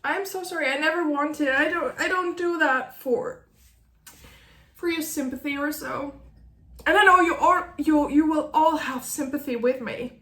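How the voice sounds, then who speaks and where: A woman in her late thirties, an author giving a candid personal update to camera, halting and apologetic, often breaking off mid-sentence and laughing through tears. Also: high voice, fairly bright tone, roomy sound. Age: late 30s. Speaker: author vlogger. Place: at her desk, in a roomy room.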